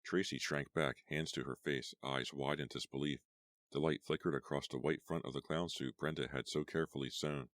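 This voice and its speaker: A man narrating a horror storybook with measured suspense. His voice is extremely low, and the recording is dry and close. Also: steady tone, a bit bright, no echo. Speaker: audiobook narrator. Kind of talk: scripted narration.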